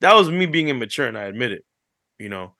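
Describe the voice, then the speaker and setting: A man co-hosting a podcast, telling animated stories that act out what others said, swearing freely as he chats. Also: mid-range voice, quick pace, creaky, dry recording, studio quality. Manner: animated storyteller, acts out quotes, swears freely. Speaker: podcast co-host. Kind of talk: casual chat.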